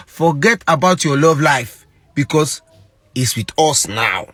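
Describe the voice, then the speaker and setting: A man from Nigeria teases playfully, repeating his phrases in a husky, fairly high voice. The sound is dry, with little room echo. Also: animated, slow pace, fairly bright tone. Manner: teasing, repetitive, playful. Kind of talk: social media clip.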